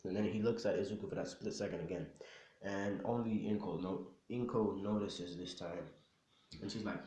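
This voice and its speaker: A man's voice: low voice, normal speed, mellow. Rambling young man in an echoey room. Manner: rambling, slangy, full of fillers. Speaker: storyteller. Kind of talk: casual fan-fiction storytelling.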